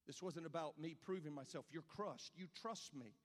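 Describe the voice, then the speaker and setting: A man preaching, voicing Jesus consoling a grieving woman in a soft, gentle tone. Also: fairly high pitch, normal speed, lightly acted. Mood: tender. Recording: long reverb of a large hall.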